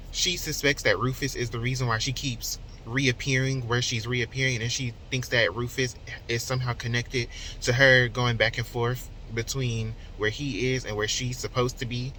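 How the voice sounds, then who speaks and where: A man's voice: mid-range voice, steady tone, moderate pace, sharp tone, slight background noise. A man retelling a novel's chapters in a casual, conversational way, voicing the characters' lines in quotes as he goes. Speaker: book reviewer. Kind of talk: casual book recap and commentary.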